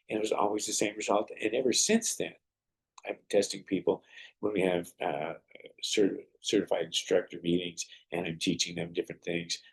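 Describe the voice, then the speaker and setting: A man's voice: sits low, vocal fry, slightly rough. A man hosting a motivational podcast, telling stories and giving earnest, preacherly advice. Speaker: podcast host and martial arts teacher.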